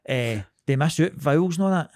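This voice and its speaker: A man's voice: on the high side, expressive, fairly quick, darkish tone, a little hiss or hum. A young man with a Glasgow Scottish accent, co-hosting a podcast in blunt, sweary, rambling casual chat. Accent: Scottish, Glasgow area. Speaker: podcast co-host.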